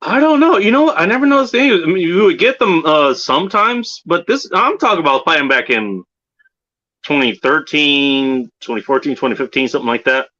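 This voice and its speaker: A man's voice: on the high side, lively intonation, a little fast, sharp tone. A man hosting a casual livestream chat, easygoing and profane, laughing often. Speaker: livestream host. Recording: slightly muffled lo-fi audio.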